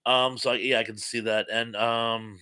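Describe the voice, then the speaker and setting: A man with a mid-range, clear and resonant voice speaks a little slowly, with little pitch movement and a bright, forceful tone. Hosting an impromptu live stream, he chats and rambles through viewer comments, saying um and uh often.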